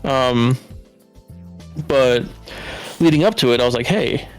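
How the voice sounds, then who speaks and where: A man's voice: medium pitch, slow pace, smooth, soft background music. A man from Southern California telling stories as a podcast guest, swearing freely and acting out what others said in a raised voice. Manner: animated, swears freely, acts out quotes in a raised voice. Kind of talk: casual storytelling.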